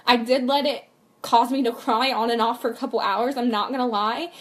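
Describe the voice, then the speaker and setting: High-voiced young woman, candid vlog talk. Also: fairly even intonation, fairly quick, fairly bright tone. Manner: earnest, rambling, many fillers and "like". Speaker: vlogger and mother.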